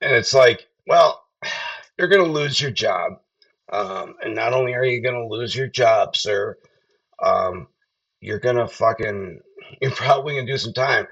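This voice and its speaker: A man hosts a podcast with a gravelly, creaky voice and rants in a mocking way, swearing often. He sounds somewhat off-mic. The talk is casual political commentary. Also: medium pitch, a little slow, fairly bright tone, recorded from a distance, dull audio. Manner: profane, mocking ranting. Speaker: podcast host.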